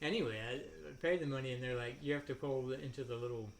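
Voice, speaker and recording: A man's voice: medium pitch, quick pace, gravelly. A man hosting a casual chat with friends at home, rambling through funny stories and acting out the voices of people in them. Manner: rambling, laughing, acts out quoted voices. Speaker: podcast host. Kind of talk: casual storytelling among friends. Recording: noisy home recording.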